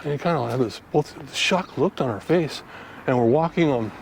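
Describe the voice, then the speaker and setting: A man's voice: medium pitch, normal speed, vocal fry, background noise. An older man, a vlogger, telling a folksy story in casual monologue and acting out both sides of the conversations in his own voice. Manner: folksy, chatty, acts out dialogue in his own voice. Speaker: vlogger giving selling tips.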